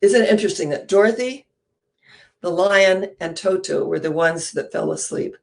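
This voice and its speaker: A woman minister giving a sermon, telling a story with lively rhetorical questions and sudden drops to a hushed, breathy near-whisper. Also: fairly low pitch, moderate pace.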